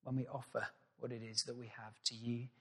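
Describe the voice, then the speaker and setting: A male pastor giving a sermon, telling the story with lively acted-out voices. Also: mid-range voice, brisk, husky, in a large hall. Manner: animated storytelling, acts out voices.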